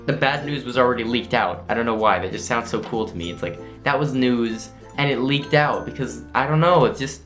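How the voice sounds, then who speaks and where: A man's voice: mid-range voice, fairly quick, hardly any pauses, a bit bright, soft background music. Chatty teenage boy vlogging. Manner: chatty, full of "like", acts out classmates' lines. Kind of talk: casual video diary.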